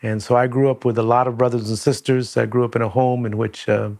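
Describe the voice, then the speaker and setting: An older man from Southern California telling a reflective personal story as a conference speaker, with many pauses and restarts. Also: mid-range voice, level tone, vocal fry, darkish tone.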